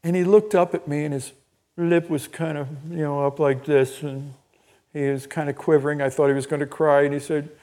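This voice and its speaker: An older man preaching a sermon as pastor, telling personal stories in an animated, emphatic way. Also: fairly high pitch, a little fast. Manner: storytelling, animated and emphatic, laughs at own stories. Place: church.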